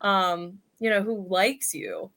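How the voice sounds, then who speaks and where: A woman's voice: mid-range voice, very animated, slow pace, fairly bright tone. A woman in her thirties hosting a podcast, chatting casually about reality television with many "like" fillers. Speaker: podcast host. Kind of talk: casual chat.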